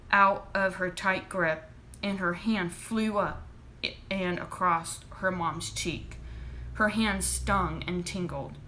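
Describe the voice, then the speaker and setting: Woman author, mid pitch, brisk reading and chatty asides, faint background noise. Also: a bit bright. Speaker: author reading her own novel. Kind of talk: live reading and casual chat.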